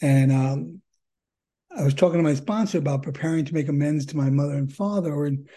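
A man's voice: on the high side, a little fast, warm tone. An older man telling his story at a recovery meeting, earnest and rambling, with many fillers and repeated words. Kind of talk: personal testimony.

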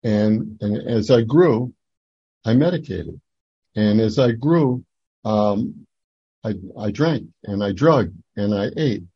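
An older man tells his own story at a recovery meeting, stopping and restarting with many fillers as he goes. His voice is mellow and husky. The recording is dry and slightly muffled. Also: fairly low pitch, slow, no room sound. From Atlantic City, New Jersey. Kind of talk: personal testimony talk.

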